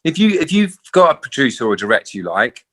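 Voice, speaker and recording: A middle-aged English actor, a guest in a casual interview, telling stories animatedly and acting out quoted voices. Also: male voice, medium pitch, very animated, fast talker, a bit bright. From England.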